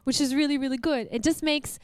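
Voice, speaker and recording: A young Australian woman preaching a sermon in a lively, conversational way, asking her listeners questions and laughing easily. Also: sits high, brisk, no echo. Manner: warm, animated, laughs often, asks the audience questions.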